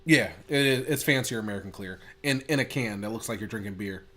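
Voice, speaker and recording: Man, podcast co-host, casual chat, excitable, laughs a lot, curses freely. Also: fairly low pitch, quick pace.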